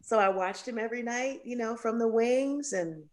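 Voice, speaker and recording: A woman jazz singer being interviewed, telling a story with lots of voices for the people in it. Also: moderate pace. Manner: animated storyteller, acts out quoted voices with big pitch jumps.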